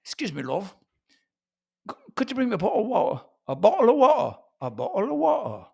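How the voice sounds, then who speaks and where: A man playing a laid-back working-class British bloke who swallows his consonants. His voice is gravelly and lilting, pitched high. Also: huge pitch swings, a little fast, darkish tone, exaggerated voice. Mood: chummy.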